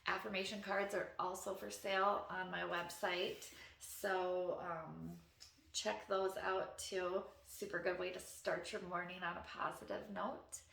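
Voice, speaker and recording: A woman's voice: lowish voice, level tone, a little slow, vocal fry, a bit bright, roomy sound, distant mic. A woman wellness coach, talking unscripted and earnestly to camera, encouraging and sometimes emotional. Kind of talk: unscripted heartfelt talk to camera.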